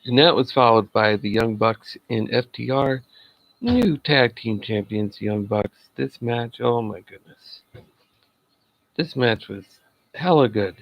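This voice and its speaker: A man's voice: medium pitch, slow pace, creaky, no room sound, lo-fi sound. A man giving a casual solo review of a wrestling show, chatty and laughing at his own jokes.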